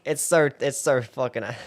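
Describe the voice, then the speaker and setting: Swearing, self-mocking young streamer guy. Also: medium pitch. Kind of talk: live reaction stream.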